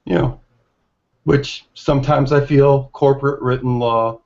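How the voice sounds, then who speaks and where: A man who is losing his voice, talking in a halting way with many fillers and restarts in a casual online group discussion. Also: medium pitch, fairly even intonation, vocal fry, darkish tone. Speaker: regular hangout participant. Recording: dull lo-fi call audio.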